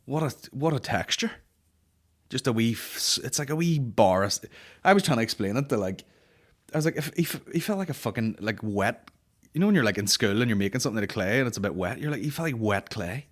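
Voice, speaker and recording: Man, thirties, low voice, rambling sweary anecdote, podcast host. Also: brisk. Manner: sweary, rambling, animated anecdote with frequent restarts. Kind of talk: casual comedic storytelling.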